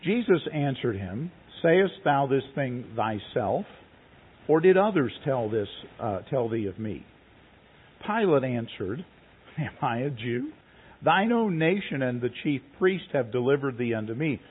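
A man preaching a sermon, reading scripture slowly and then retelling it in plain conversational words. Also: medium pitch, sing-song, breathy edge. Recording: tinny phone-like recording.

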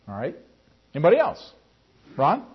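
A man's voice: huge pitch swings, moderate pace, husky. A man teaching a Bible class in a conversational way, calling on class members by name. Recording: muffled low-fidelity recording.

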